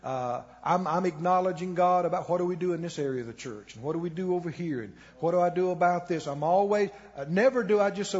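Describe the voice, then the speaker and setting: A man's voice: sits high, quick pace, hardly any pauses, darkish tone, slightly rough, in a large hall, highs cut off. A male pastor preaching a sermon in a church, emphatic and urging the congregation to repeat his words aloud. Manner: emphatic, calls the congregation to repeat after him. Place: church sanctuary.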